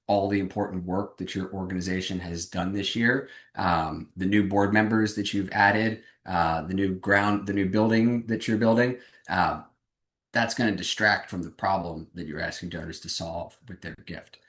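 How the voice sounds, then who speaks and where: A man's voice: deep voice, fairly even intonation, normal speed, fairly bright tone, echoey room. A man giving a webinar presentation on fundraising, speaking energetically and emphatically over a video call.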